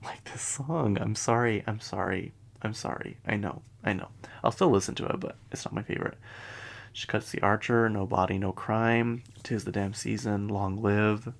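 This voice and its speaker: A man hosting a casual pop-culture commentary podcast, chatty and full of fillers, often dropping into hushed asides. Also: lowish voice, creaky. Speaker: podcast host.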